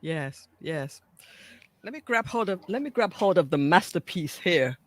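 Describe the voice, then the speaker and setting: A woman's voice: fairly low pitch, expressive, measured pace, dry recording. A woman hosting a live-stream interview, effusive and welcoming, often repeating her words as she speaks. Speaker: host.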